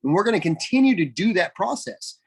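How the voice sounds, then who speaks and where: A man leading a team call, coaching in an energetic, emphatic way and repeating phrases for stress. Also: sits high, brisk, gravelly, husky. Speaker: network marketing team leader. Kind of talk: coaching talk on a group call.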